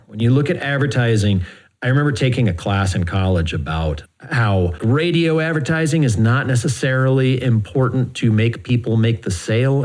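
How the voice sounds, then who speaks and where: A man co-hosting a podcast, chatting casually and telling lively, blunt anecdotes about his work. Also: medium pitch. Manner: self-described reactive, blunt. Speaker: podcast co-host. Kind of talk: casual chat.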